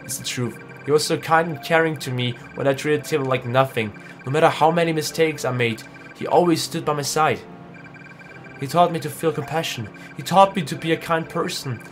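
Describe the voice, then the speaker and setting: A man voicing a guilt-ridden, remorseful companion who speaks softly and pleads, reading game dialogue aloud. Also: a little high, moderate pace, faint music behind, close to an everyday voice. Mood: pleading. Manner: soft, pleading, downcast.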